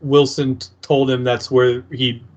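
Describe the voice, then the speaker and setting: A man at middle pitch speaks slowly and easily. He joins the recap with quick corrections and side comments, laid-back and relaxed in his delivery. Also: lo-fi sound. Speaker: podcast co-host. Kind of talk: casual chat.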